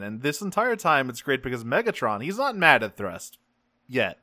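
Bright-voiced man, casual joking recap. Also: mid-range voice, sing-song, no echo, studio quality. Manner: joking, swears often, drops into quick character voices. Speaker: podcast co-host. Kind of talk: casual chat recapping a cartoon.

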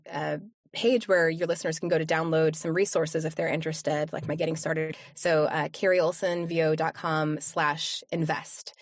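Brief: chatty woman coach, lowish voice, fillers and restarts, close dry recording. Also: dry recording. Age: adult with young kids. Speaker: voiceover coach, podcast guest. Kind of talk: casual interview chat.

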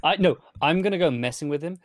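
A man co-hosting a podcast, chatting quickly and agreeably about a film. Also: a little high, expressive, no room sound, studio quality. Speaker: podcast co-host. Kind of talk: casual movie review chat.

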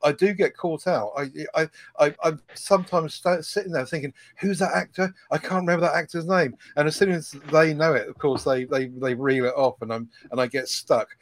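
A man's voice: a little high, normal speed, few pauses, dry recording. A man chatting as a podcast guest, telling rambling, self-deprecating stories with many restarts. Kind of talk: casual podcast chat.

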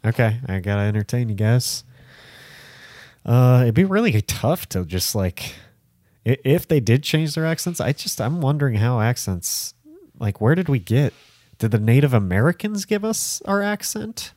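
A man's voice: mid-range voice, sing-song, normal speed, darkish tone, no echo. A man co-hosting a podcast, rambling in casual chat with lots of filler words. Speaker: podcast co-host.

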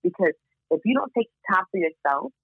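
A woman's voice: on the low side, brisk, slightly rough, no room sound. Baltimore-accented woman guest, emphatic chat, a bit lo-fi and dry. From Baltimore, USA. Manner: animated, emphatic, laughs often. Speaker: podcast guest, founder of a moms' community. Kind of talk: casual chat.

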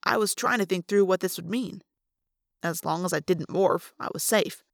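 A woman reading a first-person novel aloud as an audiobook, lively and rising for the dialogue. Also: lowish voice, normal speed, gravelly, no echo, clean studio sound. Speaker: audiobook reader.

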